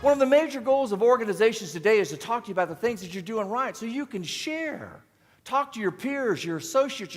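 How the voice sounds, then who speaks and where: A man giving a keynote speech as a motivational speaker, telling stories with lively acted-out dialogue. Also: high voice, long reverb tail. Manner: animated storyteller, acts out dialogue. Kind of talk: keynote speech to a live audience.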